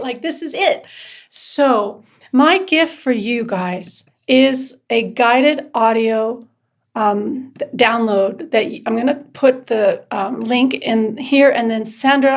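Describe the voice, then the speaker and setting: A woman who guides meditations, speaking enthusiastically and effusively on a group video call. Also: fairly high pitch.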